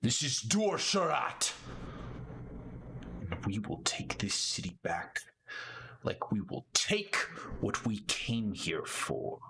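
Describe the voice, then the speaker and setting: A man's voice: on the low side, wildly swooping pitch, slow, pauses often, sharp tone, slightly rough, heavily acted. A man voicing a menacing hobgoblin captain who gives threatening commands in a tabletop game.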